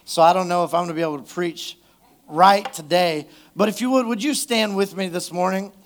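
High-voiced man preaching a live sermon. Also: fairly quick. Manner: conversational, calls out to the congregation for responses. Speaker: pastor. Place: church service.

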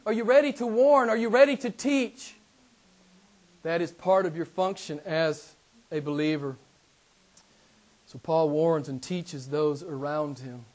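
A man preaching a sermon who repeats his key phrases, calls his listeners beloved and keeps putting questions to them, swinging between loud emphasis and quiet asides. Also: on the high side, measured pace, long pauses. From United States. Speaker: pastor.

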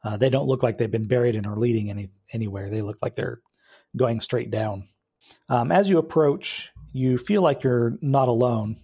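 Mellow man narrating as game master. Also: medium pitch, normal speed, slightly rough. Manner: relaxed, hesitant narration with many fillers.

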